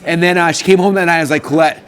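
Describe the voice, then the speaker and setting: A man in his thirties hosting a live stream, telling his story in a casual, eager, excitable way. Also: on the high side. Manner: eager, excitable, talks in rapid bursts.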